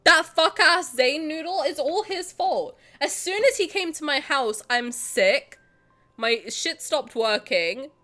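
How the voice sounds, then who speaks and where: At home, a woman live-streams a game and chats with her audience, cursing playfully and ranting in mock anger. Her voice is high, animated and pushed bright, yet she speaks at a slow pace.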